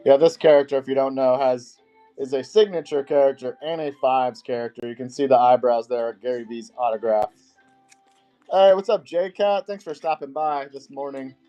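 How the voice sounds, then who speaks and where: A man's voice: medium pitch, steady tone, a little fast, warm tone, muffled recording, faint music behind. A man hosting a live-stream auction, greeting viewers by name and rattling off card names.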